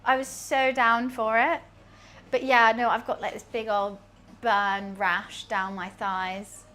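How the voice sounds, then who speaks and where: A woman's voice: a little high, flat delivery, takes it slowly, pushed and bright. A young British woman streaming, chatting casually and rambling while she cooks, laughing often. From United Kingdom.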